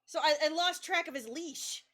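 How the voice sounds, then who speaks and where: A woman's voice: extremely high pitch, moderate pace, a bit bright. A young woman streamer chatting casually, giggling often and rambling through her stories. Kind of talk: casual chat.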